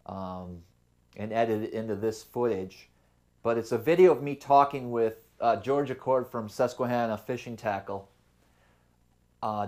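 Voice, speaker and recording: A young adult man hosting his own fishing channel, telling his tournament story in a loose, rambling way. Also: mid-range voice. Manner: rambling, relaxed storytelling with fillers. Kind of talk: casual vlog talk to camera.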